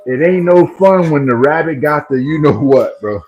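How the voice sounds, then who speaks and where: A man hosting a casual livestream banters with viewers, teasing them with playful, animated trash talk. His voice is fairly high and at normal speed. The audio has its highs cut off, with soft music in the background.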